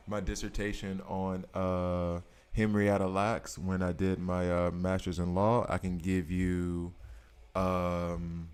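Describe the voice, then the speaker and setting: Streaming a mobile game, a thirtysomething man keeps up casual, joking commentary for his chat. The voice is deep, smooth, and a bit dark in tone.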